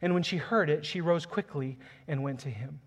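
Pastor, male, slightly high voice, earnest sermon delivery that swells into passionate emphasis. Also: normal speed, slightly rough. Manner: reads scripture aloud, chuckles softly.

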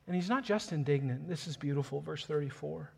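Pastor, male, slightly high voice, earnest sermon delivery that swells into passionate emphasis. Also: fairly quick, creaky, slightly rough. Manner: reads scripture aloud, chuckles softly.

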